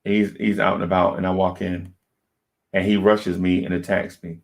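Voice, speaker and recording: A man's voice: sits low, level tone, normal speed. A man on a podcast telling a personal story in a casual, conversational way, often checking in with his listeners. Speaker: podcast co-host.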